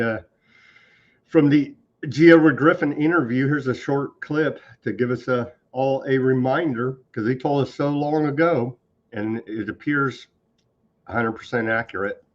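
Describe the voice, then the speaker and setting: A man's voice: medium pitch, muffled recording. A man hosting a casual political commentary show, ranting in a heated, mocking way. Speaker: show host.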